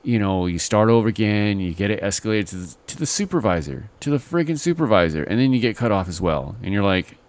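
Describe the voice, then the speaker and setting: Deep-voiced man riffing in casual podcast chat. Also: fast talker, few pauses. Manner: animated, mimics call-center agents in exaggerated voices; rambling, many fillers like "you know" and "right?". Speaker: podcast co-host.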